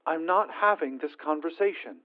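A man voicing an exasperated young woman talking to her ex on the phone, clipped and flat, through a phone filter. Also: on the high side, measured pace, pitched above the performer's own voice. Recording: tinny phone-line sound.

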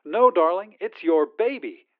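A man's voice: sits high, animated, measured pace. A man voicing a relentlessly cheerful corporate phone agent through a phone filter, with a sugary customer-service politeness. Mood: sweetly insistent. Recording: tinny phone line.

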